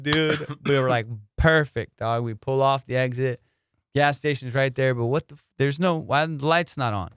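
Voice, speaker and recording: A male comedian hosting a podcast, telling a road-trip story in an excitable, slangy, profane way. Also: medium pitch, normal speed, clear, resonant tone, no room sound, clean studio sound. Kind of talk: animated storytelling.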